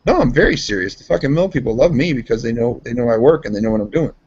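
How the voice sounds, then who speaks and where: A man's voice: medium pitch, animated, racing, darkish tone, slightly rough. Brief: foul-mouthed working man, rambling anecdotes, casual, muffled lo-fi sound. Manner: profane, rambling storyteller. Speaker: guest, steel mill worker. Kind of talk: casual chat. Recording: dull lo-fi podcast audio.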